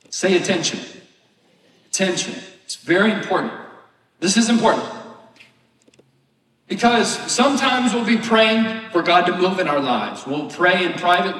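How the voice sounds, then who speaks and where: A high-pitched man preaching in a casual, conversational way, tossing rhetorical questions to the congregation. His voice rings out from a distance in a large, echoing church sanctuary. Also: big pitch swings, measured pace, pauses often, a bit bright. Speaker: pastor. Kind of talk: sermon. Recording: echoey hall, voice from afar.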